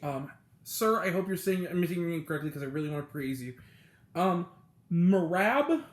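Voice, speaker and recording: Rambling man reviewing movies, slightly high voice. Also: echoey room. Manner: rambling, full of ums and self-corrections. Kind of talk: casual spoken film review.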